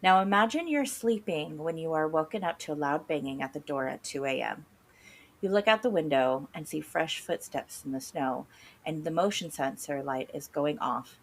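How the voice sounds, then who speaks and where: A woman's voice: sits low, normal speed, slight background noise. A woman co-hosting a podcast, narrating a spooky story with dry humor. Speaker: podcast co-host. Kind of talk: casual storytelling chat.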